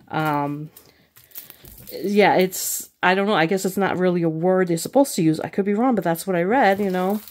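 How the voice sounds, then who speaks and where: A tired middle-aged woman chatting casually as she unboxes craft kits, rambling and thinking out loud with frequent restarts. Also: fairly low pitch. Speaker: crafting channel host.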